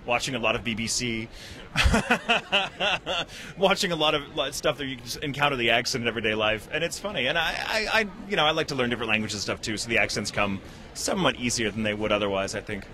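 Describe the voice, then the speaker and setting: A man with a bright, forward voice talks about his voice acting and writing at a convention interview. He is animated and chatty, quick to poke fun at himself and laugh. He tosses out playful asides between his answers. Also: mid-range voice. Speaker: voice actor and writer. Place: convention venue.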